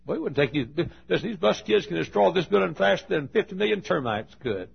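Gravelly preacher man telling folksy stories. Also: sits high, expressive, fairly quick, muffled recording. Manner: folksy, swings from loud to hushed. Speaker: pastor. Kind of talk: sermon storytelling.

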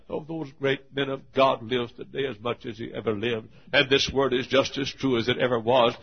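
An older man, a pastor, preaching a sermon that swings between hushed storytelling and shouted exhortation. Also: medium pitch, fairly even intonation, normal speed, hardly any pauses. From Texas. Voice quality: gravelly and husky. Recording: dull lo-fi recording.

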